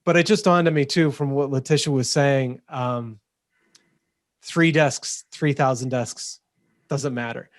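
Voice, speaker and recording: A man co-hosting a podcast, talking in energetic, quick bursts with lots of restarts. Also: mid-range voice, no room sound, studio quality. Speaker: podcast co-host. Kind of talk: casual podcast chat.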